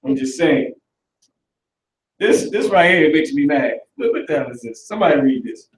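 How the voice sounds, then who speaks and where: A talkative male teacher leading a casual online class, narrating each step as he clicks through. His voice sits slightly high, and the recording is roomy and set back from the mic. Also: moderate pace, far from the mic, slight background noise. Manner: animated, talkative, works through the screen aloud.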